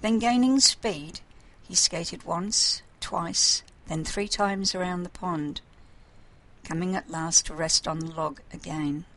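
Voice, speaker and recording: A woman reading a story aloud in a calm, measured narration. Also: fairly low pitch, rough recording.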